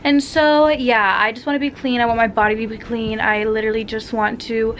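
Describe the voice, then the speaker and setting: A young woman talks casually into her camera at home, her voice sitting a little high. She keeps dropping in "like" and "literally" as she chats along. A faint hum of room ambience sits behind her. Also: steady tone, a little fast, a bit bright. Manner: chatty, heavy use of "like" and "literally". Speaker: vlogger. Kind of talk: casual vlog chat. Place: home, bedroom and bathroom.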